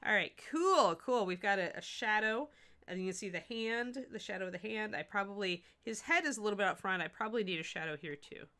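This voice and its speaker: A woman's voice: medium pitch, fairly quick, sharp tone. A woman from the US Midwest hosting a miniature painting livestream, chatting to viewers as she works. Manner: chatty, talks while working, restarts sentences. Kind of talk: livestream painting tutorial, answering chat.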